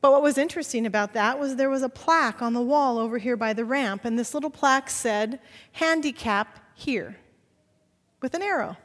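A woman's voice: fairly high pitch, moderate pace. A woman pastor preaching a sermon, telling a story and acting out the dialogue. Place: church sanctuary. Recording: long church hall reverb.

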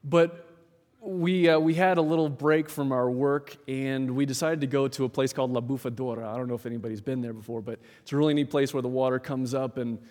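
Man, pastor, sermon, emphatic pauses, medium pitch, long hall reverb. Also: steady tone, a little mellow. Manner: measured, emphatic, with dramatic pauses and quoted voices.

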